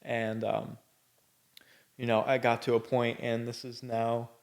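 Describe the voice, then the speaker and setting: A man's voice: mid-range voice, little pitch movement, measured pace, gravelly. A man hosting a podcast, telling his own story in a candid, blunt, rambling way with plenty of swearing. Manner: loose, rambling delivery full of fillers. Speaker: podcast host. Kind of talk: personal storytelling.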